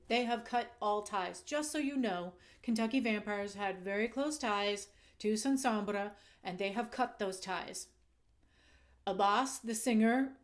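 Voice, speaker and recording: Woman vlogger, mid pitch, frank casual commentary, punchy and a bit profane. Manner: candid, emphatic, swears when heated. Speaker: channel host. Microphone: desk microphone.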